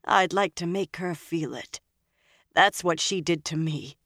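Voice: mid-range voice, unhurried, no echo, studio quality. An audiobook narrator voicing a shaken young woman freed from captivity, her voice quivering, then turning bitter. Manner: quivering, rising to sharp outbursts.

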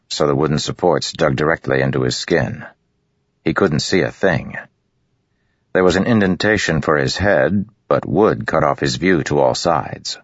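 A man narrating a fantasy audiobook in a steady, measured storytelling voice. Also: a bass voice, slightly rough, no room sound. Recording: dull lo-fi dry recording.

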